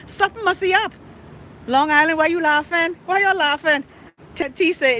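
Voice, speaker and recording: A woman's voice: a little high, expressive, moderate pace, pushed and bright, slight background noise. A middle-aged woman with a Bahamian accent hosting a live talk show. She rants in a brash, profane way and teases her viewers by name. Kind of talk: casual live-stream rant.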